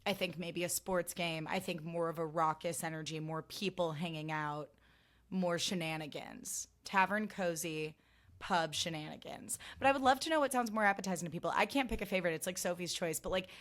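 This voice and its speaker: A woman's voice: on the low side, brisk, a bit bright. A woman in her thirties hosting a solo podcast, rambling casually with lots of "like" and free swearing. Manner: gushy, rambling, heavy on "like", swears freely. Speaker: podcast host.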